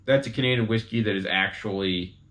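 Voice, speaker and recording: A man's voice: on the low side, fairly quick, a bit bright. Chatty man explaining casually. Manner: chatty, informal, talks straight to viewers with asides. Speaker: host explaining whiskey types.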